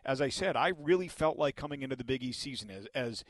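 A man's voice: mid-range voice, animated, fast, no room sound. A man hosting a sports talk radio show, making his points emphatically and leaning on repeated words. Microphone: studio microphone.

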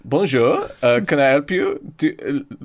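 A man's voice: on the high side, lively intonation, measured pace, voice pushed up. A man voicing a polite, flustered rave bouncer who stammers and hesitates. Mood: starstruck.

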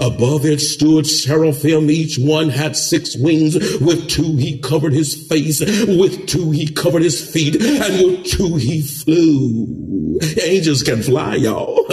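A male pastor preaching a sermon, building from steady teaching to shouted emphasis. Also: unhurried. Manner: preaching with big pitch swings, rising to shouts.

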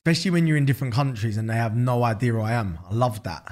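A man's voice: mid-range voice, expressive, racing, a little mellow. Slangy London man in casual chat. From England. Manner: loose, slangy, full of fillers and swearing. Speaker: guest, business founder.

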